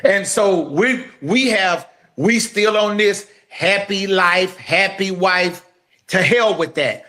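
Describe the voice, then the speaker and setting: A grown man co-hosting a talk show, his voice sitting high for a man. He builds his points like a preacher, emphatic and direct, calling out to the audience as he goes. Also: slow pace, pushed and bright. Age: adult. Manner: emphatic, building like a sermon, addresses listeners directly. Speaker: podcast co-host. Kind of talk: impassioned podcast talk, preacher-like.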